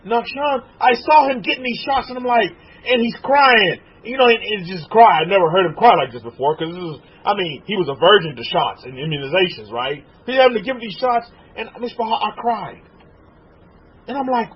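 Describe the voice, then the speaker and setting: A high-pitched man in his forties preaches with a very raspy, husky voice that swings widely up and down. He stumbles, restarts and keeps asking the congregation questions. The recording sounds muffled and lo-fi. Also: brisk. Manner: emotional, animated preaching with repeated restarts and questions to listeners. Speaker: rabbi teaching a congregation. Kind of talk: sermon.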